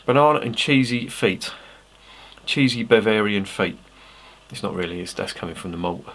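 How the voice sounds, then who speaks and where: Deep-voiced English man, chatty beer vlogger. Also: lively intonation, normal speed, a bit bright. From England. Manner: chatty, swears freely, self-mocking asides. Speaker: beer reviewer. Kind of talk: casual rambling tasting review.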